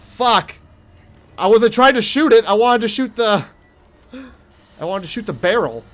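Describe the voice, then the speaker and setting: A young man giving let's play commentary on a horror game, jumpy and profane, yelling at monsters and taunting them. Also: high-pitched, animated, measured pace. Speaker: gaming streamer.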